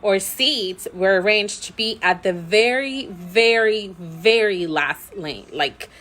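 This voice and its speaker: A mother vlogging to camera, telling a story in a chatty, animated way with many fillers and frequent laughter. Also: medium pitch, slow.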